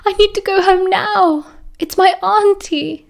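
A woman's voice: very high-pitched, steady tone, a little slow, vocal fry, voice pushed up, heavily acted. A woman with a British accent voicing a tearful teenage schoolgirl in an audiobook, sobbing as she pleads.

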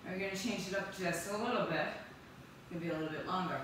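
A woman's voice: lowish voice, a bit bright. A woman fitness instructor leading a live workout class, calling out counts and encouraging the group. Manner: brisk counting cues and upbeat encouragement. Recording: very echoey room, distant mic, faint noise.

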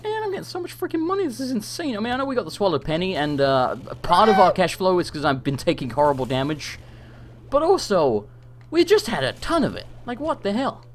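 A young English man streaming a game, chatting and reacting excitably, sometimes swearing when things go wrong. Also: high voice, fairly quick, slight background noise. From England. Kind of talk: live gameplay commentary.

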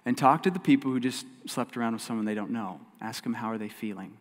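A man preaching to his congregation in an earnest, emphatic way, his voice sitting at a middling pitch. He repeats key lines and swings from loud stresses to hushed, quiet stretches. The sound carries a long reverb from the church hall around him. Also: fast. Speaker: pastor. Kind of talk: sermon. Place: church sanctuary.

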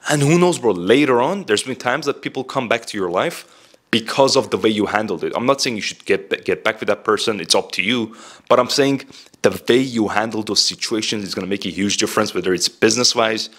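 A young man with a lowish voice talks straight to the camera in a relaxed advice vlog. He is direct and chatty and keeps dropping "like" and "bro" between points. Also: a little fast. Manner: direct, heavy use of "like" and "bro". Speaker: self-improvement vlogger.

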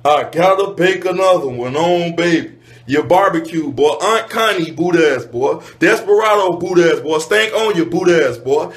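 A man's voice: fairly high pitch, animated, normal speed. A man delivering a comedic roast monologue, rattling off mocking insults with repeated catchphrases.

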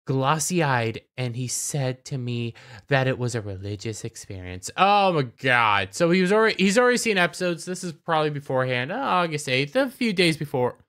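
This YouTube commentator is a young man whose mid-range voice sounds a bit bright. He rants casually with sarcasm and mockery, frequently stumbling over repeated words at the start of his sentences.

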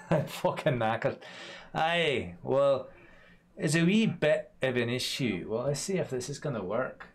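A young man, chatting casually to viewers on a live stream, swearing and laughing, his voice often jumping loud and high. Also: animated, slow.

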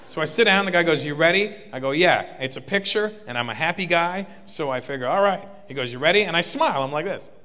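Bright, punchy male stand-up comic. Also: on the high side, fast, few pauses. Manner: animated and punchy, often building to a shout. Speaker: stand-up comedian. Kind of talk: stand-up comedy. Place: large live venue. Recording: live in a reverberant hall.

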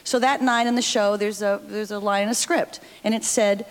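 A woman's voice: mid-range voice, fairly even intonation, normal speed. A woman performing comic banter and telling jokes in a live radio stage show, playful and teasing, laughing often. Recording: live theater with long reverb.

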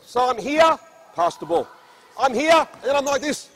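A man's voice: very high-pitched, animated, moderate pace, creaky, a bit bright. A man coaching a basketball practice on an indoor court, barking short commands and then explaining drills at length.

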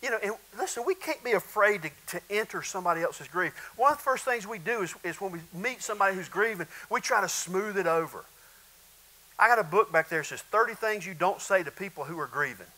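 A middle-aged male pastor with a drawl delivers a folksy sermon. His voice sits high for a man and rings bright and forward. He slips into short acted-out exchanges to make his points. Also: lively intonation, quick pace, rough recording. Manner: folksy storytelling, acts out little dialogues.

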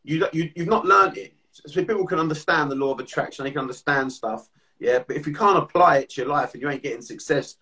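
A man hosts a podcast and tells a story in a rapid, animated rush, swearing as he goes. His voice sits a little high. He sounds set back from the microphone. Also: recorded from a distance. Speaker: podcast host and therapist. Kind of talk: casual podcast chat.

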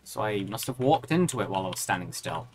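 Lively woman streamer narrating her game. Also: a bass voice, fast, breathy edge. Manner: animated, reacts aloud and chats with viewers. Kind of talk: live gameplay commentary.

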